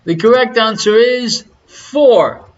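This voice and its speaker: A man's voice: very high voice, takes it slowly, muffled recording. An Irish man hosting a live quiz from his living room, reading questions and cracking teasing, crude jokes. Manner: jokey, teasing, crude asides. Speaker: quiz show host. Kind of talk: live-streamed pub quiz banter.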